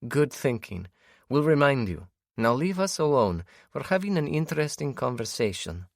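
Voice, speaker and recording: A man's voice: mid-range voice, very animated, moderate pace, vocal fry, dry recording, studio quality, pitched above the performer's own voice. A man reading an audiobook, voicing an odd, teasing adult woman in a raised voice.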